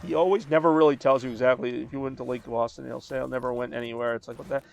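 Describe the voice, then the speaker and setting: A man's voice: medium pitch, fast, creaky. A man in his thirties streaming a game and chatting casually, rambling with lots of fillers. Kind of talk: casual chat while gaming.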